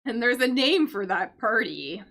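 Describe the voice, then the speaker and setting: A woman's voice: a little high, sing-song, measured pace, vocal fry, fairly bright tone. A woman teaching English vocabulary through a crossword, explaining patiently with fillers and check-in questions. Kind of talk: casual livestream lesson solving a crossword.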